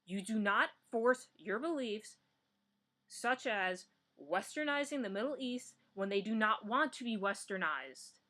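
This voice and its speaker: A woman's voice: medium pitch, lively intonation, unhurried, fairly bright tone. A young American woman giving a heated political rant as a vlogger, blunt and swearing, often breaking off and restarting, recorded on a built-in computer mic at home. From United States.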